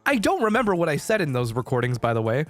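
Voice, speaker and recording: Fast and fairly high-pitched, his voice swoops wildly as faint music plays in the background. A young man streaming as a VTuber, he chats in a rambling, playful way, swearing freely, laughing often, and restarting frequently.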